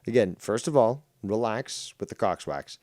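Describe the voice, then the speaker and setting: A man's voice: on the low side, animated, normal speed, a little mellow, no echo, studio quality. A man hosting a livestream, ranting at a rival in a mocking, profane, rambling way. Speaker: livestream host. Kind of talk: casual commentary rant.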